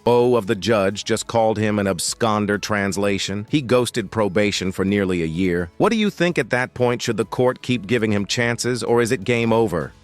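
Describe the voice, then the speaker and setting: A man's voice: on the low side, moderate pace, few pauses, soft background music. A man narrating a courtroom video as voice-over, with punchy, hyped commentary. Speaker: channel narrator.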